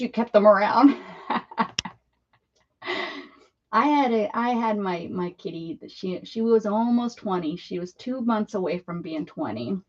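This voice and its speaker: Working in her home craft room, a crafting livestream host chats casually in a mid-range voice that's animated yet a little slow, with long pauses. She greets viewers by name and talks to her pets, heard through dull lo-fi stream audio.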